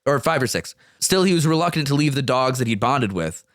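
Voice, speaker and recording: A man co-hosting a podcast, telling a story in loose, crude chat with plenty of swearing and laughter. His voice sits at an ordinary middle pitch, recorded close on a dry studio mic. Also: animated, a little fast, fairly bright tone, dry recording. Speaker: podcast co-host.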